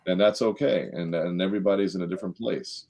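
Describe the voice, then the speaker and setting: A man's voice: fast talker, gravelly. A middle-aged man on a leadership panel, telling an anecdote and acting out the quotes with a lifted voice. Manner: animated storyteller, acts out quotes with rising pitch. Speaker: panel guest, former sales director. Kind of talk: storytelling in a leadership panel talk.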